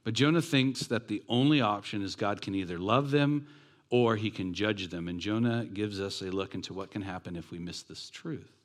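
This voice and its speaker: A man's voice: on the low side, normal speed. A man preaching a sermon as pastor, talking in a conversational way with rhetorical questions and joking asides.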